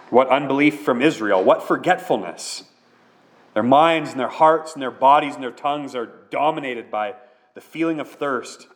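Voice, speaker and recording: Male pastor, sermon delivery, earnest and conversational. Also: medium pitch.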